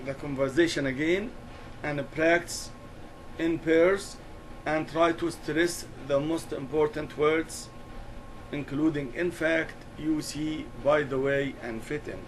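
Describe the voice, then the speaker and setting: A man teaching an English lesson, explaining slowly and deliberately and repeating key words. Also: a little high, fairly even intonation, slight background noise, poor audio.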